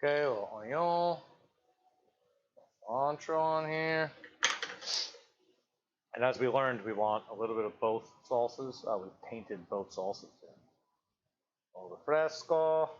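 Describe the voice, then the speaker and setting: A man's voice: measured pace, pauses often. A man hosting a live cooking stream from his home kitchen, talking casually to viewers while he cooks. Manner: relaxed, chatty, coaxing his dog in a higher sing-song voice. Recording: slightly dull lo-fi stream audio with faint noise.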